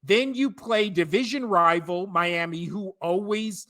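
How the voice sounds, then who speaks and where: A young man co-hosting a podcast in casual chat, talking fast, swearing freely and laughing often. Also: high voice, a bit bright. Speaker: podcast co-host.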